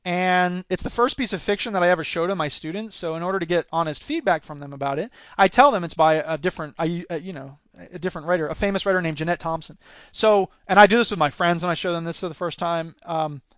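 High-voiced man reading his stories. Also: fast talker, a bit bright, dry recording, studio quality. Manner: laid-back, joking, with filler uhs. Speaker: teacher and author. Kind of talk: casual chat and reading his stories aloud.

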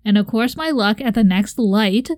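A woman's voice: medium pitch, moderate pace, a little mellow, dry recording. A young woman co-hosting a casual chat, telling a story animatedly and acting out her own reactions with laughs. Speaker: podcast co-host.

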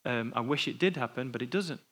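A man's voice: medium pitch, fairly quick, fairly bright tone, breathy edge. A man preaching an informal sermon in a church, talking in a conversational way and thinking aloud before opening the floor for discussion.

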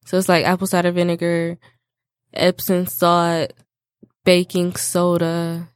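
A laid-back young woman with a Michigan accent talks through stories and reads case notes at an easy pace. Her voice is lowish for a woman, recorded close and dry. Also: monotone, takes it slowly, clean tone, no room sound. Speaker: podcast host and case narrator. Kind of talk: casual chat and reading a crime case.

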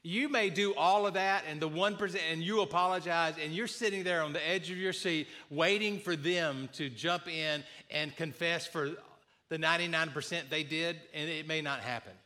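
A man preaching with a bright, forceful voice that sits a little high for a man. He speaks earnestly, repeats his key phrases for weight and voices example apologies the way a listener might say them. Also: moderate pace. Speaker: pastor. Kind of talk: sermon.

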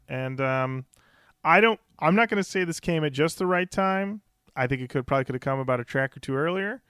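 A man's voice: fairly high pitch, fairly bright tone, smooth, dry recording, clean studio sound. Chatty man hosting a music podcast. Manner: chatty, steers the discussion and hands off to co-hosts. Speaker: podcast host. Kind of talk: casual chat.

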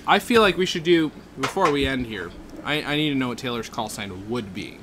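A man's voice: medium pitch, lively intonation, fairly quick, a bit bright, slight background noise. A man co-hosting a comedy podcast, joking in casual chat, often tripping over his words and laughing. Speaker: podcast co-host.

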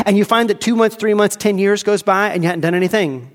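A man's voice: high voice, steady tone, fast, hardly any pauses, in a large hall. A man preaching a sermon as a pastor, asking emphatic rhetorical questions and acting out inner dialogue.

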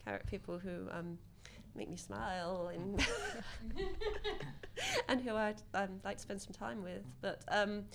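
A woman speaking as an author on a live panel, wry and lively, often restarting her sentences. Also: medium pitch, measured pace, gravelly, background noise.

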